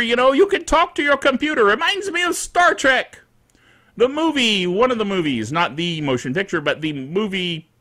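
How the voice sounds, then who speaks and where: A middle-aged man hosting a tech show, chatting casually about news and software with playful jokes and frequent laughs. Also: high voice. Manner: playful, laughs often, jokey asides. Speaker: tech podcast host.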